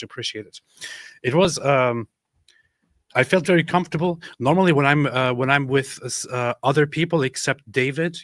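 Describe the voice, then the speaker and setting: A man's voice: mid-range voice, a bit bright, no room sound. A man co-hosting a livestream, chatting loosely with viewers and stumbling through fillers and restarts. The sound is dry and close. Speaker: livestream co-host reading super chats. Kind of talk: casual livestream chat.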